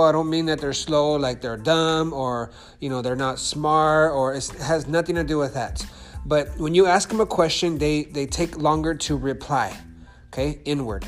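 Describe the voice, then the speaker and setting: A man with a fairly high voice gives an instructional talk on persuasion and sales. He repeats himself and often asks "okay?" or "right?" to keep listeners with him. Soft music plays faintly behind him. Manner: repetitive, checks in with "okay?" and "right?".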